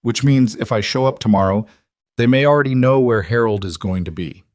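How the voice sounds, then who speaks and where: A man voicing a calm, guarded middle-aged protector in an audiobook, speaking flatly and without inflection. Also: medium pitch, dry recording, clean studio sound, close to an everyday voice. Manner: flat, measured, unemotional. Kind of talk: audiobook character voice.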